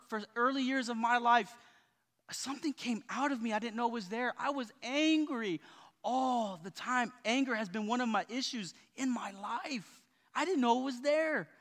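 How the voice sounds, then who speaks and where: A man's voice: very high voice, pushed and bright. A man from Southern California preaching a sermon as pastor, rousing the congregation with repeated call-and-response lines. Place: church sanctuary. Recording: long reverb of a church hall.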